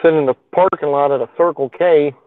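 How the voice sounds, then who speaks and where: A man's voice: a little high, quick pace, no echo. A man chats loosely on his own live stream, rambling and filling his talk with folksy asides. His voice comes through thin and tinny, as if over a phone line, with a close, dry sound and no room around it. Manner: rambling, with many fillers and plain folksy speech. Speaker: live stream show host. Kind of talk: casual live stream chat. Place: parked car in a lot.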